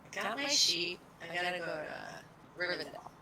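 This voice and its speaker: A woman's voice: lowish voice, animated, unhurried, bright, forceful tone, a little hiss or hum. A woman playing an online game, chatty and teasing. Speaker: game player. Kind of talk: casual chat while playing an online game.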